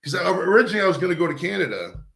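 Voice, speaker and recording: A man's voice: high voice, sing-song, very fast, creaky, fairly bright tone, reverberant. A man hosting a casual stoned chat, rambling at length and swearing, calling everyone dude. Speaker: host. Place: studio.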